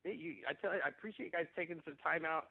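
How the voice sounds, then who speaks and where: A man leading a network marketing conference call, giving an upbeat, emphatic sales pitch with frequent restarts. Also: racing, creaky, husky. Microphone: phone conference call. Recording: tinny phone line.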